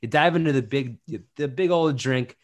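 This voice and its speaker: A man hosting a casual chat, playful and animated, repeating phrases for comic emphasis. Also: mid-range voice, moderate pace. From New Jersey. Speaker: podcast host.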